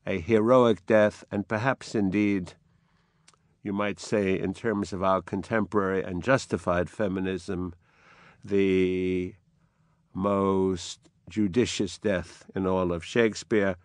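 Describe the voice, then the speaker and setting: A male lecturer narrates dramatic scenes slowly and emphatically, his voice smooth and resonant. The sound is dry and close, with no room echo. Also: sits low, fairly even intonation. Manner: dramatic, emphatic narration woven with quoted verse. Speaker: literature lecturer. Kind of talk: lecture on Shakespeare.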